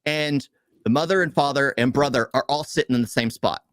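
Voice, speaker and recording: A man on a casual movie-review podcast, ranting in an animated, exasperated way. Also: medium pitch, dry recording, clean studio sound. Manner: animated, exasperated, rapid complaining. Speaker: podcast co-host.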